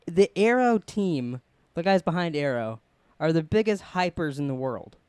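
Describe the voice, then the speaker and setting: Young male co-host, excitable rambler, slightly high and smooth. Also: normal speed, dry recording. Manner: excited, rambling with many "like"s and restarts. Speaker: podcast co-host. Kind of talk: casual TV review chat.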